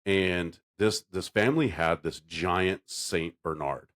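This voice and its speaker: A man co-hosting a podcast in casual chat, telling stories in an animated way and jumping into a high silly voice now and then. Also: takes it slowly. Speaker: podcast co-host.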